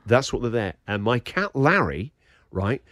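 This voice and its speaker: A man's voice: mid-range voice, unhurried, no echo, clean studio sound. A middle-aged man hosting a radio show, telling a story with lots of energy and frequent laughter. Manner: lively, laughs often while telling the story.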